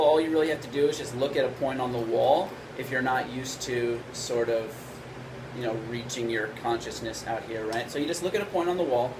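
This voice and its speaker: A man's voice: medium pitch, background noise. Man teaching trumpet over a humming room. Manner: relaxed explaining, frequent "right?" checks. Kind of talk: instructional video lesson.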